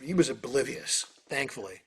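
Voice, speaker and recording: A man, a guest on an interview, telling stories and answering questions in an animated, casual way over a video call. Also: medium pitch, moderate pace, breathy edge. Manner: animated, lots of fillers. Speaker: orchestra trumpeter, interview guest. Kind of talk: casual storytelling.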